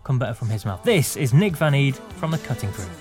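A man hosting a casual podcast, quick and chirpy, laughing often. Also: medium pitch, very animated, a little mellow, soft background music. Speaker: podcast host.

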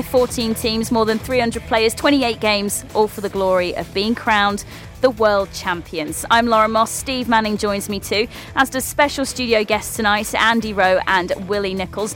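A woman hosting a live radio sports show, presenting in a brisk and upbeat way from a studio microphone. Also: fairly high pitch, fairly bright tone. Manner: brisk and upbeat, reads a quick rundown.

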